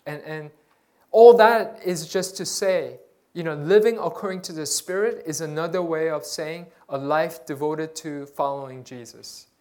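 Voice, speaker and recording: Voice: medium pitch, unhurried, dark tone. A pastor preaching a sermon, earnest and exhorting, often repeating words while searching for the next phrase.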